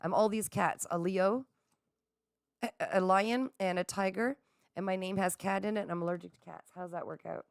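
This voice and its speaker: With a gravelly, medium-pitched voice at normal speed, a middle-aged livestream host chats casually and excitedly with viewers. She reads their comments out, laughs a lot and addresses them directly, all in clean studio sound with no room tone.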